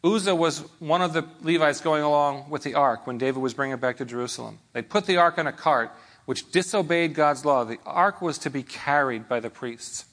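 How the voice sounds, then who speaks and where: A man's voice: on the high side, brisk, fairly bright tone. A man preaching a sermon in a conversational way, often checking in with his listeners.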